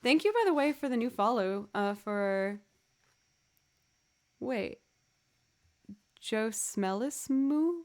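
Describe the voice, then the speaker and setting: A woman's voice: mid-range voice, lively intonation, takes it slowly, pauses often, a little mellow. A woman chatting casually on a livestream, tired and yawning, rambling and thanking viewers as she goes. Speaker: streamer and musician.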